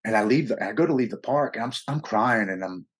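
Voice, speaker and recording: A man in his forties from the United States, telling his personal recovery story in an earnest, halting way in an interview. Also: on the low side, animated, slightly rough. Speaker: interview guest.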